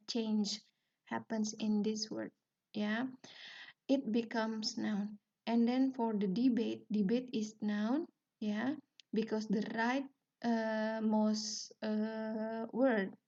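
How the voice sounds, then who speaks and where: A woman's voice: fairly high pitch, creaky, mellow. A woman with an Indonesian accent lecturing on linguistics. She repeats key terms and checks in with frequent "yeah" and "okay.". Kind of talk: recorded lecture. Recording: distant, dull lo-fi sound.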